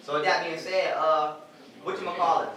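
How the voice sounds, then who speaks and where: High-voiced man lecturing bluntly, echoey and distant. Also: level tone, normal speed. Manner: blunt, profane, emphatic, laughs at his own jokes. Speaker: street lecturer addressing a small group. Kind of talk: informal lecture to listeners. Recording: echoey space, mic far away, crowd audible.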